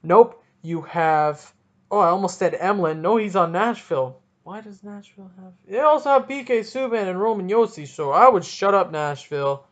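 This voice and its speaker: A man hosting a casual solo sports podcast, talking in an excitable, rambling and jokey way, with a stuffy nose. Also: sits high, normal speed, lo-fi sound. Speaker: podcast host.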